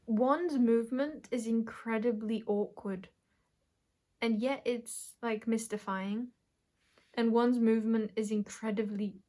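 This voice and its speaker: A woman giving a collective tarot reading, musing and halting as she draws cards and talks through what she senses. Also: a little high, darkish tone. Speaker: tarot reader.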